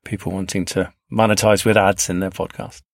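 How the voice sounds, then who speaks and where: A man's voice: low voice, level tone, a little fast, vocal fry, dry recording, clean studio sound. A man hosting an interview, asking questions and offering thoughts with hesitant restarts. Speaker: interviewer host. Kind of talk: conversational interview.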